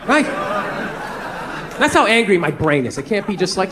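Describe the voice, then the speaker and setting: Ranting, high-voiced stand-up comic man. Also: very animated, fairly quick, long pauses, background noise. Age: 40s. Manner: ranting, exasperated, swearing. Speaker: stand-up comedian. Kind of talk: stand-up comedy routine. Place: comedy stage before a live audience. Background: faint audience laughter.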